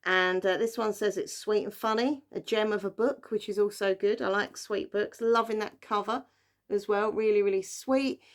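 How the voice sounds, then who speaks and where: In a casual book haul chat, a young woman who vlogs about books rambles on about her purchases, using lots of fillers. Her voice is medium in pitch, with fairly even intonation and a normal speed.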